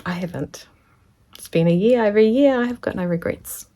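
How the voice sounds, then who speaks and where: A woman, chatting casually to camera as she unboxes a gift of fabric, gushing and sometimes dropping into soft whispers. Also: medium pitch, a little fast. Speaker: sewing vlogger.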